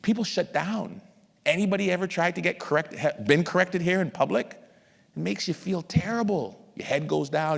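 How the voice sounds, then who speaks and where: A middle-aged man presenting at an education masterclass, who addresses the audience directly and acts out examples in a lively lecture. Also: on the high side, moderate pace, gravelly. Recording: long hall reverb.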